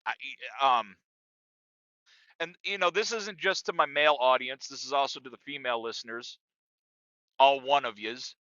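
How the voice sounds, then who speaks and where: A man's voice: mid-range voice, moderate pace, long pauses, bright, forceful tone, no echo, highs cut off. A middle-aged man hosting a podcast, talking loosely and profanely straight to his listeners in a casual monologue. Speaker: podcast host.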